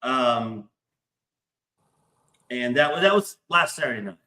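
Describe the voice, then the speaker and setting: A middle-aged man hosting a podcast, telling a story in a casual, excitable way and swearing a lot. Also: mid-range voice, slow. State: stressed, hyped up. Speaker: podcast host.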